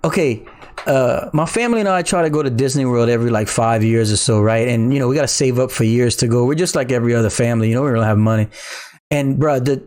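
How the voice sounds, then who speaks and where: Excitable Cajun man hosting a livestream. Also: medium pitch. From Louisiana, US. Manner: excitable, laughing, slangy, says "bruh". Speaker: crypto livestream host. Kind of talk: casual livestream chat, reading viewer comments.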